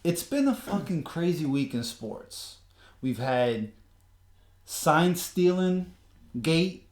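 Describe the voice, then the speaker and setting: A man co-hosting a casual sports podcast while fighting the hiccups, with a voice a bit higher than most men's. He rambles, stops and restarts, and swears casually. The recording is roomy and echoey. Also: very animated, slow pace, a little mellow. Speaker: podcast co-host. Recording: echoey room.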